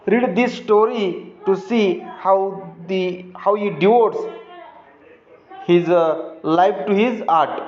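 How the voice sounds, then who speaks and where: A man with a high voice and an Indian English accent reads a story aloud to his students, stopping again and again to explain words. He talks slowly and haltingly, with many fillers and restarts. The recording is dull and lo-fi, in a roomy space. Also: darkish tone. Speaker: teacher.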